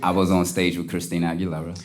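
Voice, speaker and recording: A man, the show's music director, talking in a laid-back, halting way with many fillers on stage. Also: sits low, monotone, very noisy. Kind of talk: casual on-stage banter. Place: stage before a live audience.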